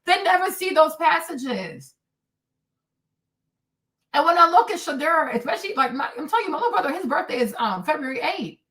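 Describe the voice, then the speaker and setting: A woman in her forties hosting a candid solo livestream, talking emphatically and with animation, swinging between shouting and low asides. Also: big pitch swings, fairly quick. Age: 40s. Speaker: livestream host.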